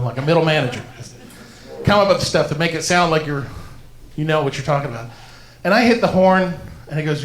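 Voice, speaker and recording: A man from Iran performs a stand-up set, his voice sitting high as he tells animated stories and laughs through his own punchlines. The sound bounces around an echoey live comedy room.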